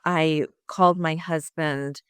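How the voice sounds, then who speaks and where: A middle-aged woman speaks in a low, smooth, resonant voice, recorded dry and close. She tells her story candidly and earnestly, voicing her past thoughts as she goes. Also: slow, no room sound. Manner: earnest, lively retelling with quoted inner thoughts. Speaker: guest sharing her recovery story.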